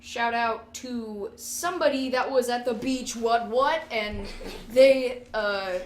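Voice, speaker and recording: A young woman drags through a made-up story slowly, stopping and restarting often. Her voice is a little high. The room around her sounds roomy and echoey. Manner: halting, hesitant storytelling. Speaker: co-host. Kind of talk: improvised comedic storytelling.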